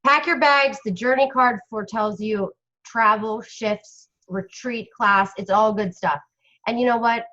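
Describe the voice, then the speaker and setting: A woman's voice: fairly high pitch, steady tone, measured pace, sharp tone, muffled recording. A woman doing an astrology reading on a casual live stream, blunt and chatty, with casual swearing. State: cold, shivering. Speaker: astrology reader.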